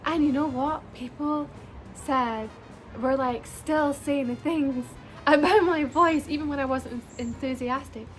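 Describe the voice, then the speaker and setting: High-voiced, bubbly Scottish woman. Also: measured pace, soft background music. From Scotland. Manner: bubbly and earnest, addresses viewers as "you guys". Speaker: beauty vlogger. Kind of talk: casual personal vlog to camera.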